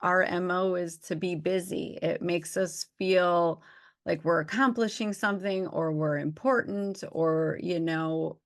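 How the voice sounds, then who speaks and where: A woman's voice: on the low side, steady tone, measured pace. A woman doctor hosting an interview, chatting in an emphatic, agreeing way. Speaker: host, doctor. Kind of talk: casual interview chat.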